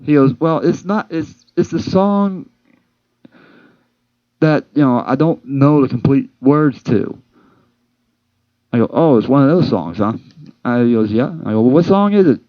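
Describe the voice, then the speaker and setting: A man's voice: medium pitch, a little slow, pauses often, no echo. Rambling man telling work stories. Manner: rambling, many fillers and restarts, acts out dialogue. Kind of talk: casual storytelling monologue. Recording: dull lo-fi homemade recording, dry.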